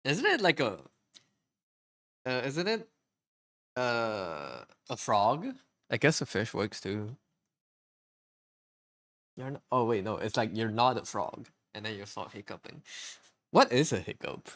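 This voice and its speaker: A man's voice: lowish voice, big pitch swings, takes it slowly, pauses often, a bit bright, no room sound, studio quality. A man chatting casually on a live stream while he draws, rambling and goofy, with hiccups.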